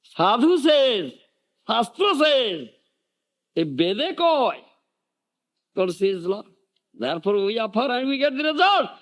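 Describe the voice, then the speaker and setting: An older man teaching a devotional lecture in a high, lively voice that leaps up and down. He speaks slowly, pressing his points with rhetorical questions and ready laughter. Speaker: spiritual teacher.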